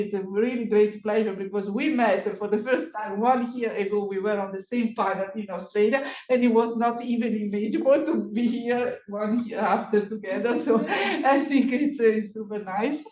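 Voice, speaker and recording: Woman moderator with a delivery. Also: mid-range voice. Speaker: event moderator. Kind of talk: formal introduction of a speaker. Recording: echoey hall, dull lo-fi sound.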